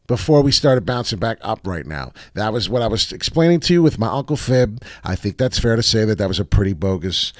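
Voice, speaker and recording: A man hosting a casual crypto livestream, talking through charts with excitement and plenty of swearing, and greeting viewers from the chat. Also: on the low side, brisk, hardly any pauses, no echo, clean studio sound. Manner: excitable, profane, reads chat aloud.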